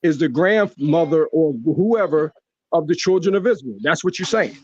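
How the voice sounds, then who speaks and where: Male caller in a heated debate, fairly high voice, keeps repeating himself, dull lo-fi call sound. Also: animated, moderate pace, breathy edge. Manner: insistent, repeats himself to hold the floor.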